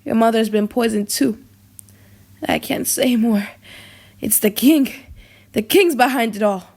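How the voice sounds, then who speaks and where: A woman's voice: a little high, unhurried, gravelly, a little mellow, breathy edge, full character voice. A woman reading the lines of a vengeful young nobleman in an audiobook drama, urgent and confessing. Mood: grim.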